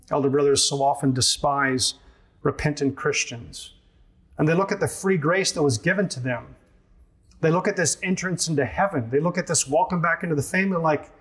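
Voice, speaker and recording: A man's voice: a little high, a little fast, a bit bright. A man preaching an expository sermon as a pastor, earnest and emphatic, repeating his key phrases for weight.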